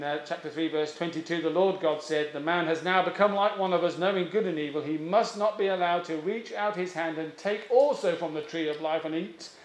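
Guy preaching a bible sermon, highish voice, leans on key words and says them twice, lots of uhs, echoey church room. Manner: emphatic, repeats key phrases, frequent uh fillers. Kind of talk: expository sermon.

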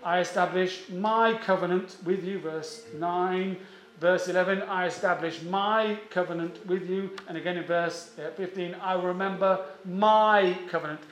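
A man preaching a sermon in a church, measured and emphatic, with slow drawn-out stresses and frequent "uh" pauses. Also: high-pitched, fairly even intonation, a bit bright, echoey room.

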